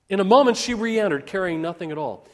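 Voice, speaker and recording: A man telling a story as part of a sermon, building intensity as he goes, in a church sanctuary. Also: high voice. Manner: animated storytelling with rising intensity. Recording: long hall reverb.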